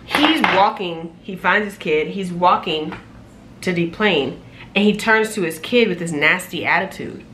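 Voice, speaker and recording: A young adult woman and flight attendant, telling a story in a casual, animated, sassy vlog from a room at home, recorded on a camera mic. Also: on the low side, a little slow, heavy background noise. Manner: animated, sassy, loud laughs, exclaiming.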